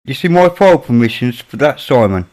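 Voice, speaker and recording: A man's voice: medium pitch, sing-song, a little fast, a little mellow. Chatty Birmingham man. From Birmingham, England. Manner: chatty, mutters while working on his computer. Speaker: live-stream host. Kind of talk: casual chat with chat readers.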